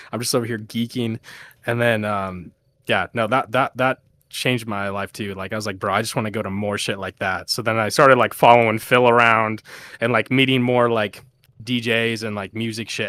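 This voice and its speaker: A young man telling stories in casual chat. He swears a lot and acts out quoted people in a much higher voice. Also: steady tone, moderate pace, fairly bright tone. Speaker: podcast guest, VR DJ.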